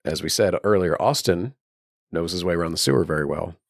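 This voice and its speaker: Brief: young man, podcast co-host, very low voice, dry close sound, lively plot recap with character voices. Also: brisk, gravelly, no echo. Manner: animated retelling, acts out characters in raised voices. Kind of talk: casual film discussion.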